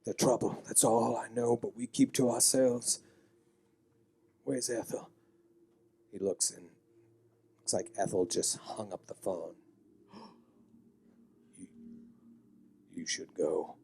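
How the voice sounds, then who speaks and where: A man voicing a wary, folksy old small-town man who speaks low and confidingly in a drawl. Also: fairly even intonation, slow pace, gravelly, long pauses, warm tone, breathy edge, full character voice. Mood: ominous.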